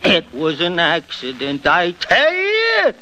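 A man impersonating an older attorney who pleads passionately, jumping between high and low register in a halting rhythm. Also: huge pitch swings, pushed and bright, exaggerated voice. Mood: pleading. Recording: dull old radio recording.

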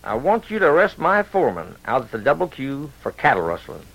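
A man voicing an excitable old rancher who sputters and shouts in agitation. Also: medium pitch, fairly quick, vocal fry, heavily acted. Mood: agitated. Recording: lo-fi old radio recording.

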